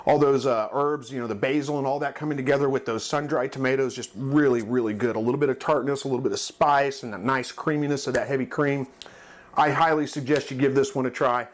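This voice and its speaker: A man hosting his own cooking video, talking through a recipe in a relaxed, folksy, chatty way. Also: mid-range voice, fairly quick. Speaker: cooking channel host. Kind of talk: casual cooking demonstration.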